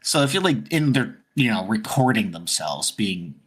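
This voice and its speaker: Husky man rambling in casual chat. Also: lowish voice, very animated, moderate pace, a bit bright. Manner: rambling, many fillers and restarts. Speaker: podcast co-host.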